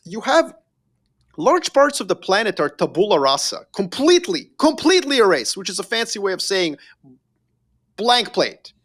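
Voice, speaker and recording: A man from Yugoslavia who is a guest on a podcast, telling stories with emphasis and sometimes speaking straight to the listener. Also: sits high. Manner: animated, emphatic storyteller who addresses the listener directly. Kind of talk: casual conversation.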